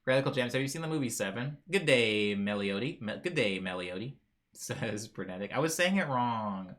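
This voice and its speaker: A man's voice: mid-range voice, animated, moderate pace, a bit bright. A young man hosting a livestream, chatting casually and reading viewer comments in a playful, rambling way. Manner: playful, rambling, frequently laughing and mispronouncing names. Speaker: livestream host.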